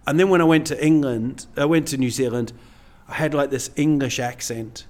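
Middle-aged male comedian, casual guest chat, meandering, full of "you know", mid-pitched voice. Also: normal speed, darkish tone. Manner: rambling, self-deprecating, many "you know"s.

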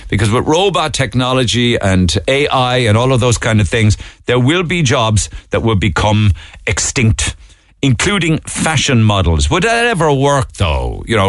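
A man's voice: lowish voice, big pitch swings, moderate pace, dry recording, studio quality. A man with a Cork accent hosting a radio talk show, chatting casually about the day's stories with wry, joking asides. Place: radio studio.

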